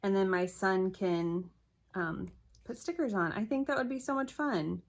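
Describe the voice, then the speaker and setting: A woman's voice: medium pitch, unhurried. A young woman, chatting casually to camera at her table, flustered and rambling, correcting herself as she goes. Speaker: planner vlogger. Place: at home at a table.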